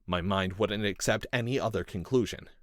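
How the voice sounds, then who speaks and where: A man reading a first-person story in measured, intense scripted narration. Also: dry recording, clean studio sound. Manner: measured and intense, with lively pitch. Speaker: audiobook narrator.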